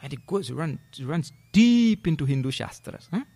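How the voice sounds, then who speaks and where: A man giving a scripture discourse as a spiritual teacher, animated, with questioning tags and chanted verse. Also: a little high, normal speed.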